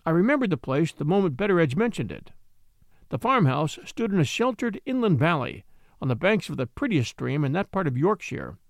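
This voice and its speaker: Male narrator, somewhat high voice, lively pitch, classic novel reading. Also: gravelly, no echo, clean studio sound. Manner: measured, expressive storytelling. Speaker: audiobook reader.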